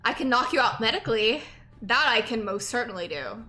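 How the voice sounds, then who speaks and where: A woman's voice: on the high side, expressive, a little fast, pushed and bright. A young woman streaming and chatting casually, laughing often and reading chat aloud, tired from lack of sleep. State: sleep-deprived.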